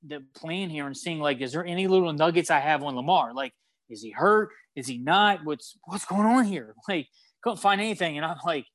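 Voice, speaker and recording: Excitable sports-talk man, dry close sound. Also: fairly high pitch, normal speed, no echo. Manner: animated storytelling, acts out his own yelling. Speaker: sports podcast co-host.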